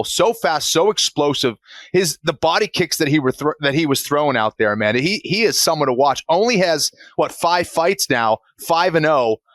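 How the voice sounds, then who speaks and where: A man's voice: fairly high pitch, a bit bright, no room sound. A man co-hosting a casual podcast, easygoing and enthusiastic. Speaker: podcast co-host, fight commentator.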